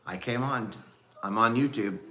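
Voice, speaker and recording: A man's voice: mid-range voice, moderate pace, fairly bright tone. A middle-aged man hosting a casual livestream from home, reading out viewer names and swearing freely. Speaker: livestream host. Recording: echoey room.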